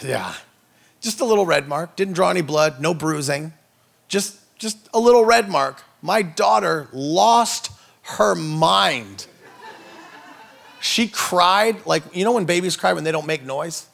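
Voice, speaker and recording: Gravelly-voiced preacher telling funny stories. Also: male voice, lively intonation, a little slow, a bit bright. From Norway. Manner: playful, jokey, acts out quotes with big pitch jumps. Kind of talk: comedic sermon storytelling.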